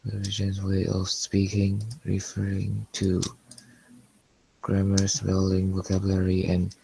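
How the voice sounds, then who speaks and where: A male student reading a sentence aloud in class, slowly and haltingly. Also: low-pitched, monotone, gravelly, mellow, slight background noise, rough recording.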